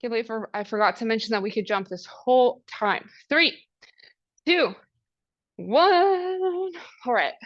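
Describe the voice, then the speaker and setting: Brief: female workout coach, a touch high, unhurried and encouraging, slightly winded, dull lo-fi sound. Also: animated, a bit bright. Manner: upbeat, encouraging cues with countdowns. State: out of breath. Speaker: fitness coach. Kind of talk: live workout class instruction. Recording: dull lo-fi recording.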